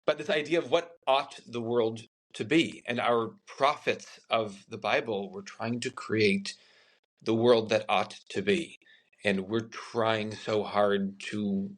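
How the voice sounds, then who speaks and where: A man hosting an interview, telling a personal story in a candid, animated way. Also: lowish voice. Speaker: podcast host. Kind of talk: casual interview conversation.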